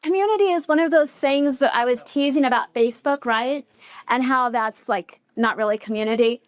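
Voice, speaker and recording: A woman hosting a live cafe storytelling night, her voice notably high. She talks casually to the room, chatty and informal, thinking aloud as she goes. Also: a little fast. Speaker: event host. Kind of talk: live event hosting remarks. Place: cafe event before a live audience.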